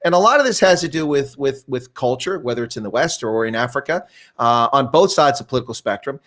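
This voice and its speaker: A man's voice: mid-range voice, lively intonation, fast, fairly bright tone. Older man with a rambling storytelling manner. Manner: rambling storyteller, frequent restarts. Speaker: interview guest. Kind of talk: conversational interview.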